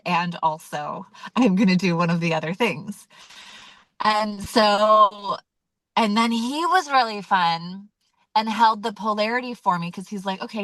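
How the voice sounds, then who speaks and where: A woman's voice: mid-range voice, a bit bright, no room sound. A woman leading a weekly community call, talking casually and candidly with many fillers and acting out her own reactions. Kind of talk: casual teaching talk.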